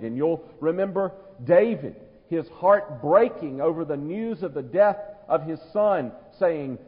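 A man preaching an earnest, emphatic sermon, slowing down for the quoted words. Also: fairly high pitch, lively intonation. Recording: dull sound, long church reverb.

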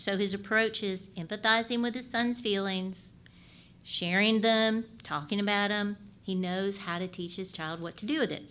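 A middle-aged woman giving an animated teaching talk on parenting. She keeps asking her listeners questions and swings from loud to hushed. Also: mid-range voice. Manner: animated, asks the audience questions, shifts between loud and hushed. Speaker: parenting speaker.

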